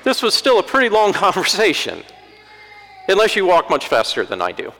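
A man's voice: sits high, wildly swooping pitch, moderate pace, bright, forceful tone, big-room sound, low-quality recording. A man preaching a conversational sermon in a church, with wry asides and acted-out quotes.

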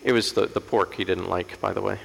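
Older pastor preaching in an echoey hall. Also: male voice, sits low, steady tone, brisk, creaky. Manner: storytelling, builds to impassioned emphasis. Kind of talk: sermon. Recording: echoey hall with mains hum.

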